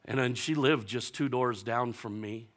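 A man preaching a sermon as pastor, telling stories animatedly and slowing down for emphatic, repeated lines. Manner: animated storytelling, acting out quoted voices with big jumps in pitch and loudness; preaching with slow, emphatic repetition.

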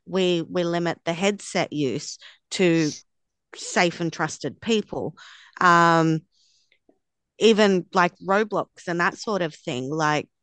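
Middle-aged female guest co-host, lowish smooth voice, earnest and firm. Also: takes it slowly, a bit bright, no room sound. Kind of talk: casual podcast chat.

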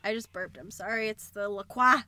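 A young woman co-hosting a podcast in casual chat, giggly and quick to swear. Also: mid-range voice, bright, forceful tone. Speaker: podcast co-host.

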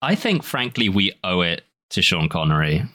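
A man co-hosting a podcast, excitable and profane, laughing often. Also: low voice, moderate pace, no room sound. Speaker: podcast co-host. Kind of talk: casual chat.

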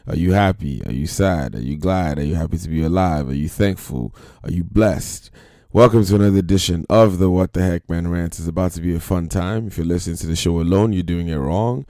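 A man's voice: deep voice, dark tone, no room sound, clean studio sound. A man hosting a casual podcast, playful and teasing, hyping up his listeners. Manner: playful, teasing, hype intro calls. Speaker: podcast host.

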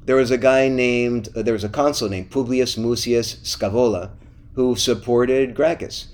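A man in the host's chair of a casual history podcast, walking through events with animated, storytelling energy. He speaks at a middle pitch and keeps the tone playful and conversational. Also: moderate pace. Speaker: podcast host.

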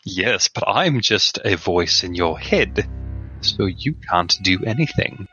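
A man's voice: fairly low pitch, very animated, slow, sharp tone, dull audio, full character voice. A man doing a smug voice in the head. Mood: needling. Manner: sarcastic, prim and needling. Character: smug, mocking male voice in a head.

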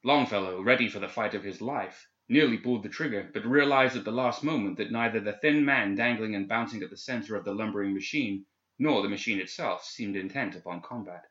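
A man reading a story aloud in steady, measured audiobook narration. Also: fairly low pitch. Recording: echoey, slightly dull recording.

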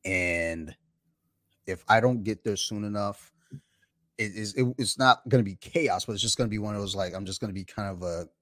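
A man's voice: on the low side, moderate pace, fairly bright tone, dry recording. A man hosting a podcast, telling stories in a rambling, laid-back way with lots of fillers. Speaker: podcast host. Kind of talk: casual chat. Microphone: home podcast mic.

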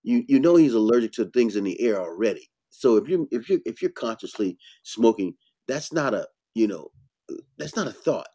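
Male herbalist host, blunt and preachy, mellow dark tone, emphatic bursts. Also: mid-range voice, animated, normal speed. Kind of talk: casual health talk.

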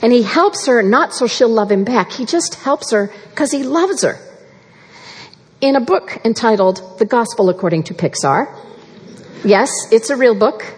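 A woman preaching a sermon with an earnest, measured delivery that slows for emphasis. Her voice sits fairly high and has a breathy edge. A long reverb trails after her words, as in a large hall.

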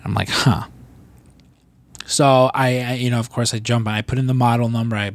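A young man co-hosts a podcast in loose, casual chat, his voice at an ordinary middle pitch. He rambles through stories full of fillers, restarts and swearing. The recording is close and dry, with no room sound. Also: fairly even intonation, a little fast, no room sound. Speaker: podcast co-host.

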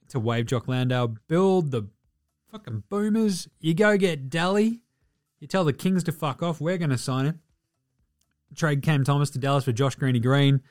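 A man's voice: mid-range voice, dry recording, clean studio sound. A man with an Australian accent hosting a casual sports podcast, rambling, joking and swearing freely. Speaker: podcast host.

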